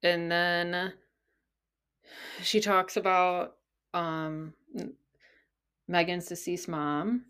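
A woman hosts her own podcast, talking at an unhurried, drawn-out pace. She sounds incredulous and exasperated and swears freely. Her voice sits a little low for a woman. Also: fairly even intonation, fairly bright tone, clear, resonant tone. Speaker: podcast host. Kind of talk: casual solo podcast commentary.

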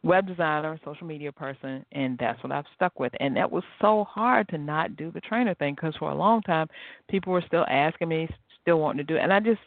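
A woman hosting a podcast on her own, chatting in a lively way and laughing often. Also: low voice, fairly quick, no room sound. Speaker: podcast host. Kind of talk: casual solo talk. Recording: tinny phone-like sound.

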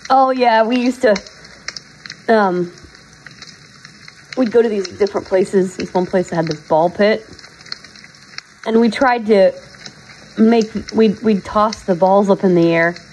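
A woman's voice: medium pitch, takes it slowly, long pauses, a little mellow, slight background noise, poor audio. A woman vlogger, chatting casually to her viewers in a teasing, laughing way.

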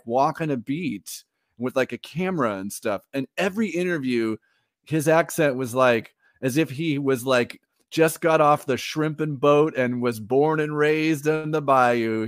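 A man's voice: medium pitch, no room sound, studio quality. A man co-hosting a podcast, chatting casually and telling stories with lots of laughter. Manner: animated, laughs often, lively storytelling. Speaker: podcast co-host. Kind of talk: casual chat.

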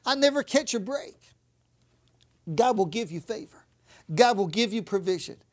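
Preacher, woman with a high voice, emphatic sermon delivery that acts out the lines she quotes. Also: expressive, moderate pace, a little mellow. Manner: emphatic, repeats phrases, acts out scripture quotes.

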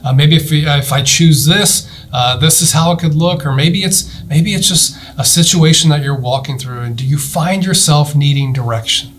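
A man delivering a sermon as a pastor, earnest, asking listeners questions and slowing down to read scripture aloud. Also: fairly high pitch, a bit bright. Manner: earnest preaching, rising emphasis, slowed scripture reading; addresses listeners directly with questions.

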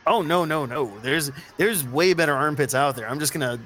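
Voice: mid-range voice, a little fast, fairly bright tone, a little hiss or hum. A player joking goofily through a tabletop game. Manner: goofy, joking. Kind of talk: casual game chat.

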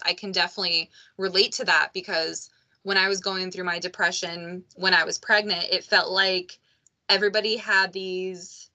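A woman's voice: on the low side, sharp tone. A woman hosting a podcast, talking candidly in a loose, conversational way, full of "like" and "you know". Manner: candid and conversational, many fillers like "like". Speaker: podcast host.

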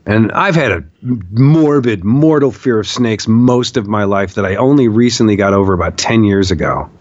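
A man recounting a vision in a podcast interview, animated and profane, acting out the quotes he tells. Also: on the low side, normal speed, dry recording, muffled recording. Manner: animated storyteller, swears, acts out shouted quotes. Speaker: podcast guest, documentarian. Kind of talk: storytelling in a long interview.

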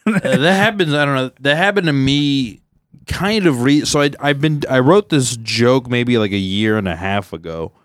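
A young male stand-up comedian hosts a casual podcast, rambling loosely through stories and breaking into goofy voices for his bits. His voice sits at an ordinary middle pitch, and the recording is dry and close with no room sound. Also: animated, normal speed, no room sound. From Southern California. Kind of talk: casual chat.

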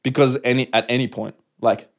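A man's voice: mid-range voice, little pitch movement, fairly quick. Laid-back young Australian man. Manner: laid-back, rambling, full of "like". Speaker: podcast guest, touring musician. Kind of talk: casual chat, storytelling.

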